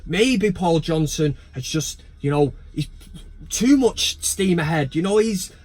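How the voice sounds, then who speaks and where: A man's voice: on the high side, lively intonation, slow pace, a little mellow. A young man hosting a football fan vlog, talking in blunt, sweary banter. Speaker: football fan channel host. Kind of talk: casual vlog commentary.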